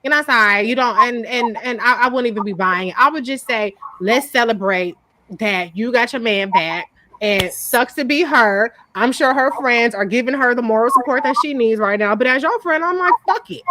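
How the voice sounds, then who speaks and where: A woman's voice: on the high side, normal speed, bright, forceful tone, slight background noise. A woman hosting a live show recap, talking in a blunt, profane, casual way and laughing often. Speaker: host.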